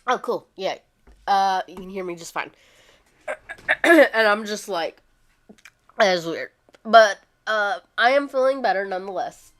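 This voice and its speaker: Hoarse rambling woman streamer. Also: medium pitch, measured pace, a bit bright. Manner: rambling, lots of fillers and restarts. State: hoarse from a cold. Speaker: gaming streamer. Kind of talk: casual livestream chat. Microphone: streaming microphone.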